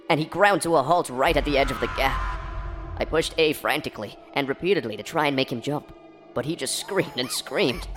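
A man narrating an absurd horror story parody in a deadpan storytelling manner. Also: mid-range voice. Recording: faint background music.

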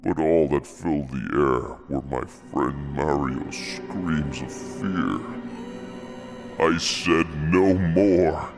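A man narrating an absurd horror story in a deadpan comedic style. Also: very deep voice, soft background music. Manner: deadpan, slow.

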